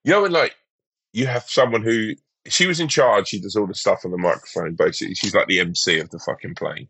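A man's voice: lowish voice, fast talker, pushed and bright, husky, no echo. A man chatting casually, rambling through anecdotes with many restarts and acted-out quotes. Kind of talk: casual chat.

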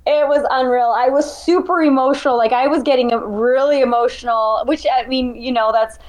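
Animated woman ultrarunner. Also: high-pitched, normal speed. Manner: animated, emotional storytelling. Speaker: ultrarunner guest. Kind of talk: conversational interview.

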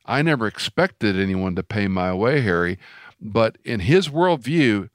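A man's voice: on the low side, expressive, unhurried, no echo, clean studio sound. A man from Houston, Texas hosting an interview, talking emphatically and telling stories with quoted dialogue. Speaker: host. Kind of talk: interview conversation.

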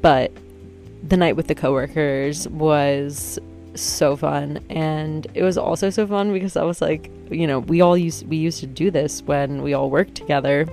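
A young woman with a notably low voice, rambling through a story with lots of fillers and wry jabs at herself. Faint music plays behind her. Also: steady tone, measured pace, mellow. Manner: chatty, filler-heavy, self-mocking. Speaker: vlogger. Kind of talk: casual storytelling monologue.

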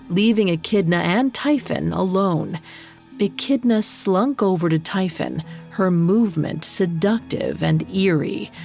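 A woman narrator reading a scripted myth in a measured, dramatic storytelling manner. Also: fairly low pitch, vocal fry, a little mellow. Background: faint music.

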